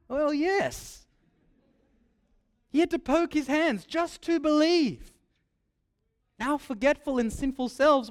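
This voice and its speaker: A young man preaching a sermon, lively and joking, repeating his key phrases. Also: high-pitched.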